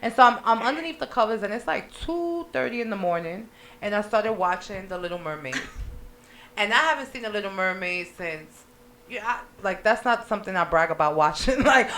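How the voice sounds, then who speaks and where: A woman's voice: medium pitch, a little fast, faint music behind. A woman co-hosting a casual radio chat, telling a story in slangy talk and acting out what people said. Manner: animated slangy storyteller who acts out quotes. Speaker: radio co-host. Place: radio studio.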